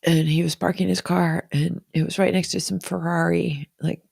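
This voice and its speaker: A woman's voice: lowish voice, level tone, normal speed, vocal fry, a little mellow, slightly rough, dry recording, clean studio sound. A woman talking casually and emotionally on a live stream from home, swearing freely and speaking openly.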